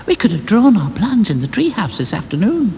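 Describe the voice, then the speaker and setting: A man's voice: high voice, very animated, a little fast, gravelly, dark tone, long reverb tail, slight background noise, voice pushed up, heavily acted. A man voicing a curious, kind-hearted female rag doll in an earnest way.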